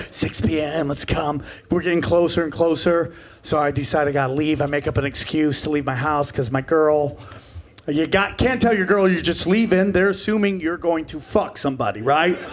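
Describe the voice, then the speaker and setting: Brash high-voiced man doing stand-up comedy. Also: a little hiss or hum. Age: 40s. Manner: brash and profane, shouting punchlines and acting out quoted voices. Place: comedy club stage in front of a live audience.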